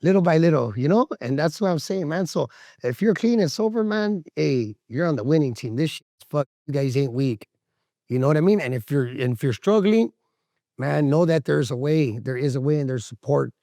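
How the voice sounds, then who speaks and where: A man's voice: on the high side, moderate pace, no room sound, studio quality. A man talking candidly in a casual interview, rambling and profane, with streetwise slang and frequent laughter. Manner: animated, laughs often.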